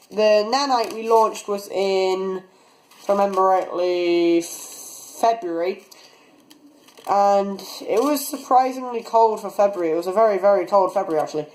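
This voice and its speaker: A man's voice: sits high, a little mellow, low-quality recording. A teenage young man chatting casually while building a model rocket, rambling as he works, recorded on a phone camera. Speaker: hobby rocketry vlogger.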